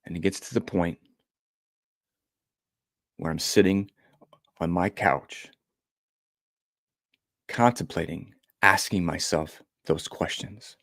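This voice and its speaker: A man's voice: low voice, steady tone, takes it slowly, pauses often, a bit bright, dry recording, clean studio sound. A middle-aged man, a motivational speaker, telling a personal story earnestly and emotionally, often repeating his phrases.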